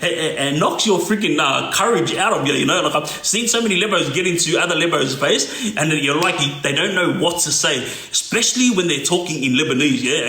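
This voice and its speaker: Speaking in a slightly high, bright, forceful voice, this middle-aged man, formerly a gang member, delivers a casual storytelling monologue. The room is echoey, and he frequently checks in with "yeah?".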